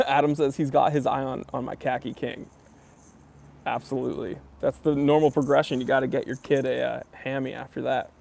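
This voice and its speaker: Gravelly man chatting on a live stream. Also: mid-range voice, level tone, fairly quick, a little mellow. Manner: easygoing, rambling, many ums and uhs. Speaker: watch channel host. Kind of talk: casual live stream Q&A, reading chat comments.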